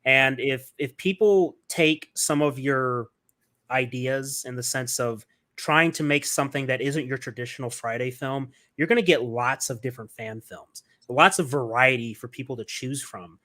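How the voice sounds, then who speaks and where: A man's voice: mid-range voice, normal speed, bright, forceful tone. A man hosting a podcast interview, talking in a casual, enthusiastic and rambling way, with lots of fillers and restarts. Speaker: podcast host.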